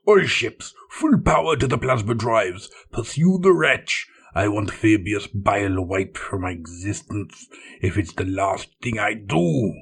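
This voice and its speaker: A man voicing a furious renegade space captain who shouts and rants threats, in a gravelly, husky voice. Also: sits low, unhurried, full character voice. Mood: raging.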